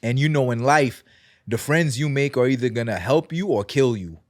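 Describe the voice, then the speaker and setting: A man's voice: medium pitch, moderate pace, no room sound, clean studio sound. A young adult man co-hosting a podcast, talking in a candid, reflective way with slang fillers. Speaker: podcast co-host. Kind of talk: casual chat.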